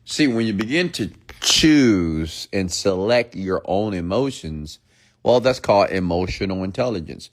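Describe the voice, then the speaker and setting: A man's voice: low voice, animated, measured pace. A middle-aged man giving a playful late-night motivational rant as a speaker, now and then mimicking people for effect.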